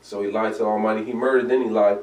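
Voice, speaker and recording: A man's voice: on the low side, fairly even intonation, very fast, darkish tone. A man preaching a sermon in an emphatic, conversational way, reading scripture aloud. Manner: emphatic, conversational preaching, reads King James verses aloud. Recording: echoey room from a distance.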